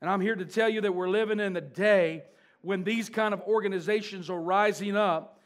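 A high-voiced man preaching a sermon. He drives his points with fervent force and then drops into quieter, conversational asides. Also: fairly even intonation, moderate pace.

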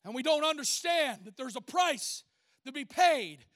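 A man's voice: very high voice, unhurried, no echo, studio quality. A man preaching a sermon as pastor, telling folksy stories and calling out to the congregation. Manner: folksy, animated storytelling, calls out to the congregation.

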